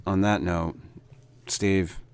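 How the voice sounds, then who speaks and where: A man's voice: low voice, steady tone, clean tone. A man hosting a casual podcast chat, joking and swearing freely, often restarting his sentences. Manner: joking, profane, halting restarts. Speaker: podcast host.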